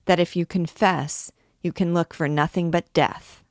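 A woman reading aloud who voices a calm male interrogator with a falsely benevolent manner. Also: lowish voice, no echo, studio quality, natural voice. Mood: grave. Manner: measured, coolly benevolent. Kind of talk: audiobook reading.

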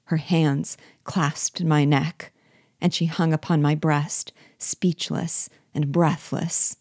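Low-voiced woman reading a novel aloud. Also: little pitch movement, takes it slowly, a little mellow, husky, dry recording, studio quality. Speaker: reader.

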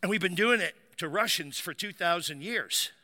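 A man's voice: sits high, lively intonation, normal speed, bright, forceful tone, in a large hall. A man preaching, telling a personal story vividly and acting out the dialogue. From United States.

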